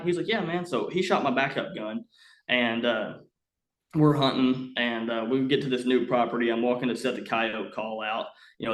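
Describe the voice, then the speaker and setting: Young man telling a story. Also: mid-range voice. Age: young adult. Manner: rambling, animated, many "uh" fillers. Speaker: podcast guest. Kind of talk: casual storytelling. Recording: roomy echo.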